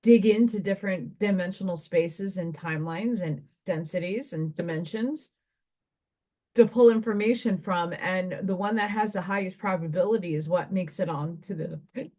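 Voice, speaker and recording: A woman's voice: on the low side, moderate pace, mellow. A woman giving a spiritual card reader's monologue to her viewers, meandering and conversational and thinking aloud with asides.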